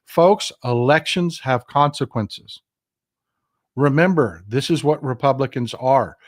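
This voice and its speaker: A middle-aged man from Texas hosting a political livestream, talking straight to his viewers in a casual, impassioned and emphatic way. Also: medium pitch. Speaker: political commentary livestream host.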